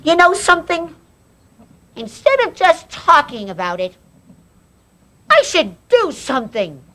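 A woman's voice: high-pitched, wildly swooping pitch, unhurried, pushed and bright, exaggerated voice. A woman voicing a cheerful, wide-eyed young alien exchange student in a children's video. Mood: thoughtful.

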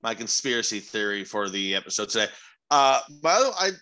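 A man's voice: on the low side, very animated, fairly quick, crowd noise, rough recording. A young man co-hosting a podcast, telling stories animatedly with exasperated, profane asides. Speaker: podcast co-host. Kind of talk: casual podcast banter.

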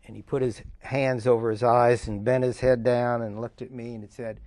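An older man, an underwater photographer, chatting as a guest in an interview, telling long anecdotes with many pauses and fillers. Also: mid-range voice, flat delivery, a little mellow. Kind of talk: casual interview storytelling.

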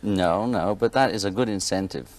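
Wry Liverpool man with a low voice. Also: moderate pace, a little mellow. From England. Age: 30s. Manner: wry and offhand, laughs between remarks. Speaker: guest musician. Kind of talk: casual talk-show interview. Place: television studio set.

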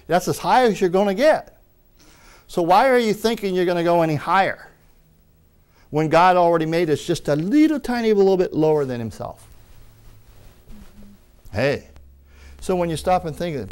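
A man's voice: a little high, sing-song, moderate pace, long pauses, a little mellow, clear, resonant tone. A man preaching a teaching sermon, emphatic and repeating amen with enthusiasm, with wry asides and small jokes.

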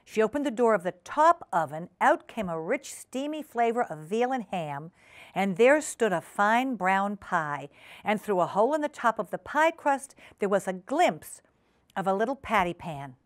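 A woman hosting a community TV show, reading a children's story aloud in a gentle, unhurried way in a studio. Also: medium pitch, big pitch swings. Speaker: storyteller host.

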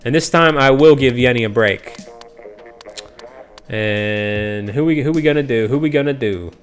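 A man's voice: medium pitch, unhurried, soft background music. A man streaming online matches with viewers, chatting casually and greeting and teasing them by name. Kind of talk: casual live-stream chat.

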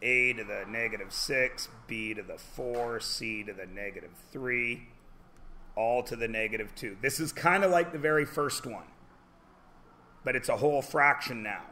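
A man teaching a high school math class, joking as he lectures. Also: sharp tone, slight background noise. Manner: joking, drawn-out teacherly questions.

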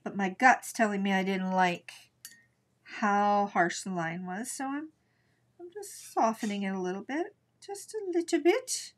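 A woman's voice: medium pitch, measured pace. A middle-aged woman hosting a live watercolor painting tutorial, chatting and thinking aloud as she works. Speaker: art instructor.

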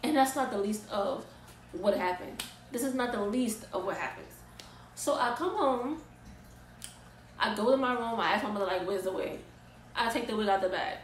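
A woman's voice: medium pitch, moderate pace, long pauses, roomy sound, a little hiss or hum, low-quality recording. Exasperated young woman telling a story. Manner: animated, exasperated storytelling with casual slang. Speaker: vlogger. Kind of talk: storytime vlog.

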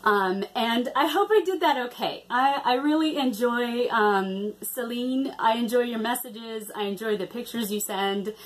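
A woman talks through her week's craft projects in a relaxed, rambling vlog style. Her voice sits a little high, and she fills pauses with ums and self-corrections. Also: slight background noise. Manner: chatty, hesitant, many ums and restarts. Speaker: cross-stitch vlogger. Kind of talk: casual vlog chat.

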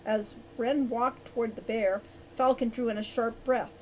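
Woman audiobook reader, bright higher voice, gives each character its own voice. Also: fairly even intonation, moderate pace, slight background noise, low-quality recording. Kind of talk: storybook narration.

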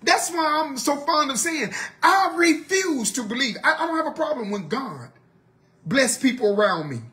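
A man leading an evening Bible study in a sermon style, asking the listeners rhetorical questions and swinging between loud urging and quiet asides. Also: very high-pitched, very animated, normal speed.

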